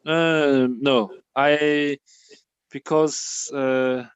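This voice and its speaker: A male student answers over a phone on an online class. His voice is smooth and dry and comes through dulled. He speaks very slowly, with many hesitations. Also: mid-range voice, flat delivery, no room sound. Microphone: phone on an online call. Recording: dry, dull phone sound.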